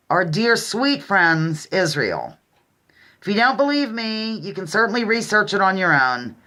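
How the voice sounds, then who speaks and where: Speaking at a medium pitch, a woman vlogger rants about politics directly to her audience, sounding sarcastic and exasperated and addressing them again and again as ladies and gentlemen.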